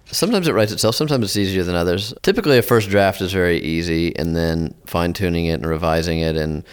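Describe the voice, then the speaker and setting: A man, a filmmaker who gives advice in a lecture, thoughtful and halting, often restarting his sentences. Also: deep voice, smooth. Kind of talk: lecture talk.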